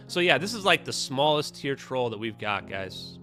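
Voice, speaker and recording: A man's voice: mid-range voice, sing-song, normal speed, hardly any pauses, a bit bright. A man hosting a livestream, ranting in a casual, profane, dismissive way and talking straight to his chat. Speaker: livestream host. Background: synthwave music.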